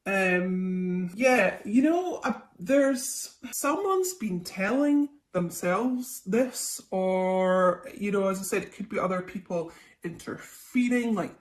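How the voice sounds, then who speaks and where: A woman's voice: mid-range voice, animated, slow pace. Chatty woman giving a tarot reading. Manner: chatty, rambling, frequent ums and okays. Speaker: tarot reader. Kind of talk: casual psychic tarot reading to camera. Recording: echoey room, faint noise.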